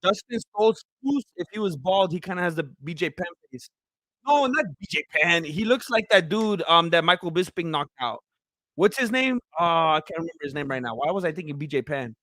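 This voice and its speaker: A young man with a high, bright voice hosts a casual livestream, bursting into laughter and exclamations as he reads out viewer comments. His voice is going hoarse from hours of talking. The sound is close and dry, with no room around it. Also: brisk, dry recording. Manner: excitable, laughs often, trails into quieter sincere thanks. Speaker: livestream host. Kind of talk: casual live-stream chat reading viewer comments.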